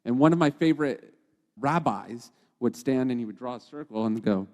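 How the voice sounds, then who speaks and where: Speaking directly to his audience, a podcast host and teacher gives a conversational devotional lesson, chattily checking in over and over with "okay?" and "right?". His middle-pitched, slightly mellow voice fades into a long, lingering reverb that suggests a large open room.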